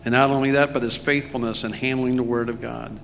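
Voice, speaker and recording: A man, the pastor, announcing an offering and leading an earnest prayer with pauses and fillers. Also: level tone, creaky, a bit bright. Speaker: pastor introducing the speaker. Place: church. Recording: long hall reverb with faint rumble.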